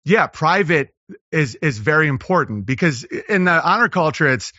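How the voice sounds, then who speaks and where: Bright-voiced rambling comedian, dull dry audio. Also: male voice, on the high side, very animated, no room sound. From Los Angeles. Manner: rambling, riffing, slips into quick impressions. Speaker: comedian guest. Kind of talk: casual podcast conversation.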